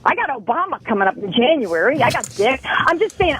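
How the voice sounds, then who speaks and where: A woman's voice: sits high, sing-song, brisk, few pauses, a bit bright, a little hiss or hum, low-quality recording. A woman calling in to a radio talk show, pleading and scolding with passion. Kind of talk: heated call-in confrontation.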